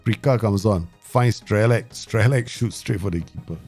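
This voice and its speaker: A man hosting his gaming channel, giving live commentary and talking to himself and the viewers in an excitable way. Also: fairly low pitch, normal speed, faint music behind. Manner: excitable, talks to himself and the viewers, frequent laughs.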